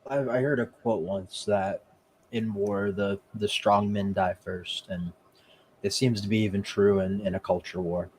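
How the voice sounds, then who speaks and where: A man talking on a live stream, halting and repeating words as he speaks. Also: fairly low pitch, steady tone, a little mellow, a little hiss or hum, low-quality recording. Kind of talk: casual live-stream talk.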